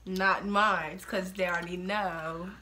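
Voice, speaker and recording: A woman's voice: fairly low pitch, fairly even intonation, slow, sharp tone, slight background noise. A young woman hosting a casual chat with her mother, chiming in with playful remarks. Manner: playful side remarks and teasing interjections. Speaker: channel host, the teller's daughter.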